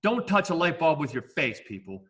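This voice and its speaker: Bright-voiced male science teacher. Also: a little high, sing-song, brisk. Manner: casual, jokey, with fillers and asides. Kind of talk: classroom lecture.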